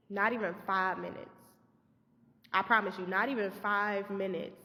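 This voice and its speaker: A young woman, a substitute teacher, tells a story in a casual, animated way and swears freely. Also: medium pitch, measured pace, long pauses, in a large hall.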